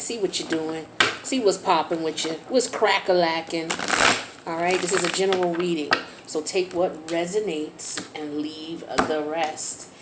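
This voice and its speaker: A woman's voice: fairly low pitch, background noise. Slangy, chatty woman reading tarot. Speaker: tarot reader.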